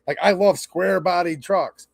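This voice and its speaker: A man's voice: sits high, moderate pace, creaky, no room sound, clean studio sound. A man from Michigan with a Michigan accent, hosting a casual livestream rant, blunt and swearing as he tells stories. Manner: blunt, swearing, storytelling with quoted exchanges. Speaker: channel host.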